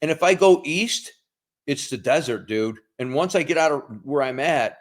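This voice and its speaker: Laid-back man with a lively, swooping voice. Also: on the high side, normal speed. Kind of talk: casual chat.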